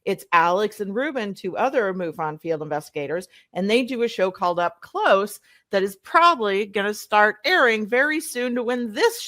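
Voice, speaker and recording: A woman co-hosting a talk show, chatting informally and making brisk announcements. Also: medium pitch, a bit bright. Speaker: co-host.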